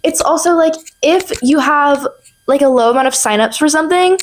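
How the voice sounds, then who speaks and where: A young woman hosting a casual podcast chat, bubbly and giggly, quick to jump in. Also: high-pitched, a little hiss or hum. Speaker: podcast host.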